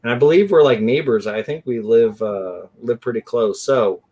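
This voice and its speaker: An excitable man hosts a late-night barbecue livestream. He rambles from one story to the next and throws in "dude" constantly. His voice sits at an ordinary middle pitch for a man. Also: moderate pace, breathy edge. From California. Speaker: host of a live barbecue show. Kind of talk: casual live-stream chat.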